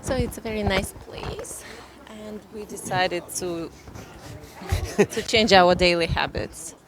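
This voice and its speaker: A woman co-hosting a casual chat at a cafe, speaking in an easygoing way. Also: medium pitch. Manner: slow, easygoing, drowsy opening. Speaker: vlog co-host. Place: outdoor cafe terrace. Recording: busy crowd chatter behind.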